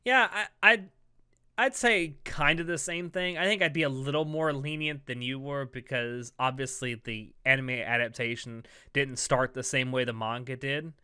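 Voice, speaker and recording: A man's voice: medium pitch, moderate pace, bright, forceful tone, clear, resonant tone, no room sound. A man co-hosting a casual podcast review chat, chatty and laughing easily as he walks through plot details. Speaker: podcast co-host.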